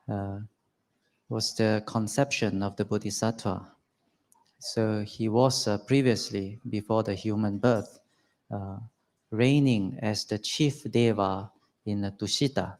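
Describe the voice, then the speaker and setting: Slow, low-voiced Buddhist speaker from Malaysia. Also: male voice, a little mellow. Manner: measured, explanatory, with frequent filler pauses. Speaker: Dhamma speaker. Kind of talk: Buddhist discourse.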